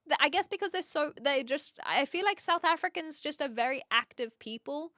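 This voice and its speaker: A woman with an Australian accent hosts a livestream, chatting casually, reading viewers' comments aloud, replying and laughing often. Her voice is high, expressive and sharp-toned at a moderate pace, recorded in clean studio sound with no room sound.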